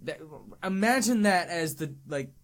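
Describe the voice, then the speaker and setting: A man's voice: sits high, expressive, unhurried, crowd noise. Man retelling a movie scene by scene. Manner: recounts plot scenes, acting out characters' lines. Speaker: podcast co-host. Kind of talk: casual movie review chat.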